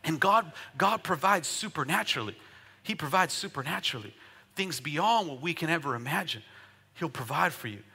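A man preaching a sermon as a pastor, chatting and joking with the congregation before building up to loud, rhythmic declarations. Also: fairly high pitch, animated, moderate pace, vocal fry, slightly rough. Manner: conversational preaching with jokes, rising to shouted declarations.

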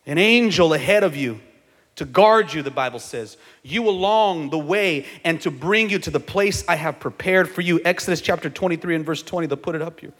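A male pastor preaching a sermon in a church, calling on the congregation to answer back and rising to shouts at the peaks. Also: a little high, brisk. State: sweating from exertion. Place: church sanctuary. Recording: live church sound with long reverb.

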